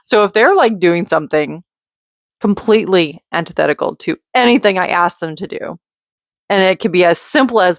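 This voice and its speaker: Woman, thirties, mom vlogger; gravelly, chatty, meandering, lots of fillers, dry sound. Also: lowish voice, brisk, no room sound. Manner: rambling with many restarts and filler "like". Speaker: vlogger and mother. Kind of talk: casual rambling vlog chat.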